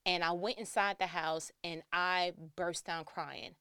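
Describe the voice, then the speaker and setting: Animated woman. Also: lowish voice, unhurried, clean tone, no echo, studio quality. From New York. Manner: animated, slangy, acts out quoted voices. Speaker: storyteller. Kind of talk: personal storytelling.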